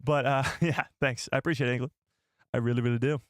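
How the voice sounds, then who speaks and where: A man hosting a live stream, chatting with viewers in an excitable, joking way. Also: mid-range voice, quick pace, dry recording, studio quality. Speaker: livestream host.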